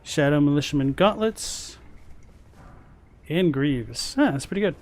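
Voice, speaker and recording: A man's voice: on the high side, lively intonation, a little slow. A man streaming a game, chatting casually about its lore and thinking aloud as he plays. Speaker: gaming streamer. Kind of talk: casual gameplay commentary with lore talk.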